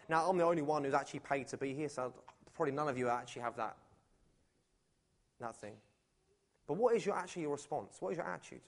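A man preaching to his church in a lively, conversational way, moving from loud calls to hushed questions. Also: a little high, fast talker, long pauses. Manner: animated and conversational, swinging from loud to hushed, with many rhetorical questions. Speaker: pastor. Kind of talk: sermon. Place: church, before a live congregation.

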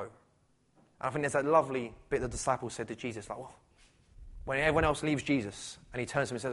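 A man's voice: medium pitch, fast, pauses often. A man preaching a sermon at a church service, talking conversationally and asking rhetorical questions. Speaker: pastor.

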